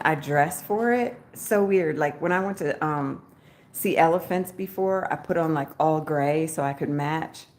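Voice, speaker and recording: A woman vlogger chatting casually to camera at home in the morning, rambling and often laughing. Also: low-pitched. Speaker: travel vlogger.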